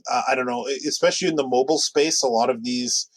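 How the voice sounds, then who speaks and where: A man co-hosting a podcast in casual chat, rambling along with restarts and quick asides. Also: mid-range voice, slightly rough, no echo, rough recording. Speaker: podcast co-host.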